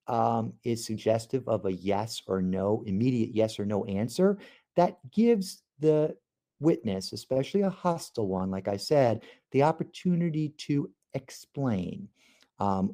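A man's voice: on the low side, warm tone. A man, a trial lawyer, giving a podcast lecture on cross-examination in a conversational way, with frequent ums and uhs.

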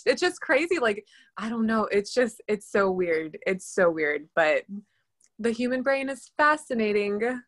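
A young woman, a college student, chatting casually in a quick, giggly way full of "like" and fillers. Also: a little high, sing-song. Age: young adult. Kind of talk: casual chat.

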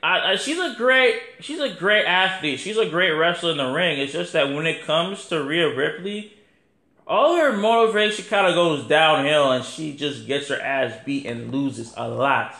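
A man hosting a podcast, talking in a casual, rambling monologue that is animated and full of swearing. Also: fairly high pitch, normal speed, gravelly. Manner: animated, profane, rambling, acts out quotes. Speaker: podcast host. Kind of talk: casual wrestling review monologue. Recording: echoey room.

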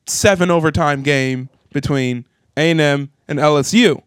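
A man's voice: on the high side, smooth, dry recording. Joking young man, dry close mic. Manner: animated, joking, quick asides. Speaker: podcast co-host. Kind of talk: casual chat.

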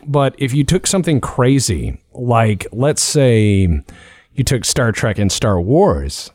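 A man hosting a podcast in loose, casual chat, his pitch swinging widely as he hops from one idea to the next. His voice is close and dry, with little room sound around it. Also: takes it slowly, dry recording. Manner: animated, jumps between ideas. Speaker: podcast host.

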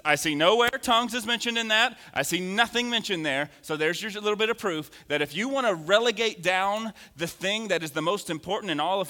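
A man in his thirties preaching a lively sermon in a church, animated and joking with the congregation. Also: on the high side. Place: church sanctuary. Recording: long hall reverb.

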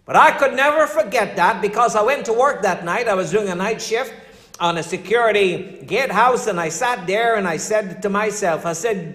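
An older man, a pastor, preaching a conversational sermon full of stories, sometimes dropping his voice low for emphasis. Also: expressive, moderate pace, fairly bright tone, roomy sound, in a large hall. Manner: storytelling, conversational preaching with dramatic drops in voice.

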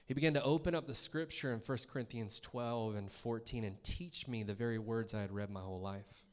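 A man preaches a personal testimony, chatty and storytelling, voicing his own reactions. His mid-pitched voice rings with the long reverb of a church hall. The tone stays conversational rather than formal. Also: a little fast, few pauses, clear, resonant tone. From Columbus, Georgia, US. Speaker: guest preacher. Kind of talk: testimony sermon. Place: church sanctuary.

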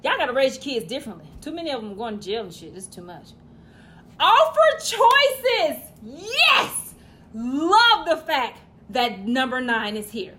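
Loud profane woman ranting comically. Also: a little high, lively intonation, fast talker, hardly any pauses. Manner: loud, profane, swings from shouting to muttering. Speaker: comedian. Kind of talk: profane comedic parenting rant.

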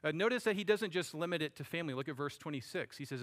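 A man preaching a sermon, with a voice a little higher than most men's. He talks to his listeners in an easy, conversational way and calls them buddy and friends. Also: lively intonation, quick pace, few pauses, fairly bright tone. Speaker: pastor.

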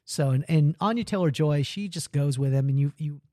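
Mellow-voiced man recapping casually. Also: fairly high pitch, brisk, no room sound, studio quality. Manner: rambling, lots of fillers, acts out characters' lines. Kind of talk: casual movie recap chat.

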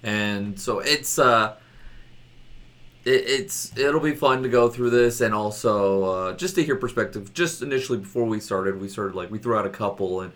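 A man hosting a casual podcast chat, rambling and laughing often, his voice a bit rough from a loud night out. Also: lowish voice, normal speed. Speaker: podcast host.

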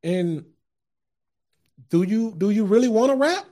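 A man's voice: sits high, animated, unhurried, mellow. A man hosting his own show, giving an impassioned motivational sermon in casual street slang, speaking straight to his listeners and often repeating words as he starts a thought. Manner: addresses listeners directly as guys and family. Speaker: podcast host. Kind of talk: motivational sermon-style talk.

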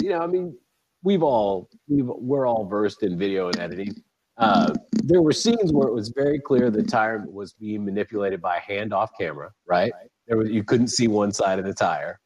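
A low-voiced man talks through a film on a podcast, in casual chat. He gets animated and swears freely, with the odd laugh. The sound is dry and close. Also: dry recording, rough recording. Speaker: podcast host.

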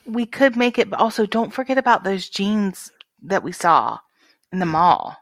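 A woman co-hosting a casual chat, teasing her cousin and quick to laugh. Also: mid-range voice, big pitch swings, fairly bright tone, dry recording. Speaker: podcast co-host.

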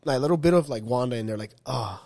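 A man co-hosting a podcast in casual chat, excitable and acting out scenes as quotes while he retells them. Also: mid-range voice, very fast, dry recording.

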